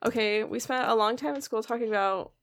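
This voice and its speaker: Gravelly-voiced joking woman co-host. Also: on the high side, a bit bright. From Michigan. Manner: joking, quick banter. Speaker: podcast co-host. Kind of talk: casual chat.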